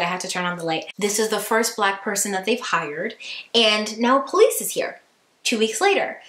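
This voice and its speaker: A woman vlogger telling a dramatic story in an animated way, indoors at home. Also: medium pitch, reverberant. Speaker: beauty vlogger. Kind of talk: storytime vlog.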